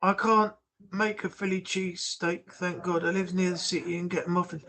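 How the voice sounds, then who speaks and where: A man's voice: high-pitched, little pitch movement, moderate pace, pushed and bright. A man from the United Kingdom hosting a casual livestream chat, rambling and blunt. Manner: rambling, chatty, blunt, with frequent restarts. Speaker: livestream host. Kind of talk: casual live chat reading comments.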